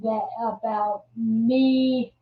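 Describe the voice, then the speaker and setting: Woman host, slow and meandering, a bit high, on dull lo-fi audio. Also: fairly even intonation. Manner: rambling, many restarts and fillers. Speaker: live show host. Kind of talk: casual live-stream chat. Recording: roomy, distant, dull audio.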